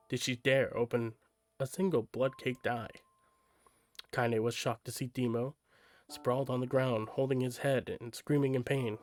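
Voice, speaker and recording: A man's voice: medium pitch, level tone, measured pace, darkish tone, faint music behind. A man reading a novel aloud on a live stream, casual and prone to little asides. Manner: casual, stops for asides and laughs at slips.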